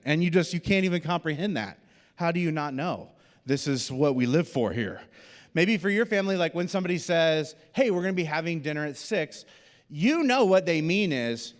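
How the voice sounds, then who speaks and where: A man preaching a sermon, telling a personal story and acting out the voices of the people in it. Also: on the high side. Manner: animated storyteller, acts out quoted voices. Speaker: pastor. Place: church auditorium. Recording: long hall reverb.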